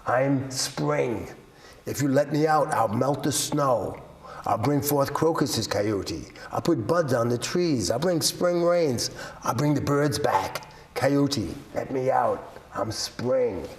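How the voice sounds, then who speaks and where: A man's voice: mid-range voice, lively intonation, slow pace, reverberant, distant mic. A man voicing a young girl who is the spirit of spring, trapped and coaxing to be let out. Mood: pleading. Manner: coaxing and pleading.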